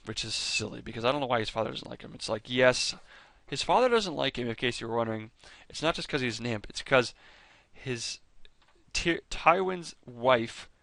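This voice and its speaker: An excited man talks casually through a fan countdown. He rambles, restarts his sentences and corrects himself as he goes. His mid-pitched voice has a gravelly fry, and it sounds dry and close, with little room sound. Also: moderate pace, no echo. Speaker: fan video host ranking characters. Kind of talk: casual rambling commentary over clips.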